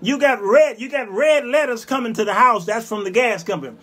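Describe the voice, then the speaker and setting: A man in his fifties hosting a show, delivering a fiery, scolding monologue with repeated hammering phrases and bursts of shouting. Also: very high voice, a little fast, slightly rough. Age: 50s. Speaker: show host. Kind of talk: ranting monologue.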